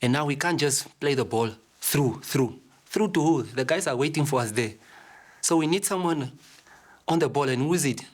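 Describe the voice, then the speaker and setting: A man's voice: medium pitch, normal speed. A man, a football player, casually reflecting on a match in an interview. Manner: casual, relaxed, fillers like you know.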